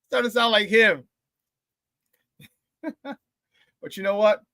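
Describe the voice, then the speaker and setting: A male morning sports radio host talking in a loose, hyped-up, slangy way. His voice is fairly high and bright. He is recorded in a dry studio close to the mic. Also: no room sound. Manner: energetic, slangy hype. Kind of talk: casual morning sports talk.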